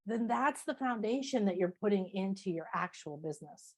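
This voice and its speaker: A woman spiritual teacher and author, a guest talking in a casual interview, animated and emphatic, repeating phrases and acting out people's inner voices. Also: medium pitch, normal speed. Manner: animated, acts out inner voices and self-talk.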